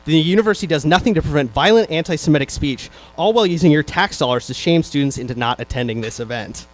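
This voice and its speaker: Fast-talking indignant young man. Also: fairly high pitch, a little hiss or hum, low-quality recording. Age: young adult. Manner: indignant, rousing. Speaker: student club vice president. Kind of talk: rally introduction speech.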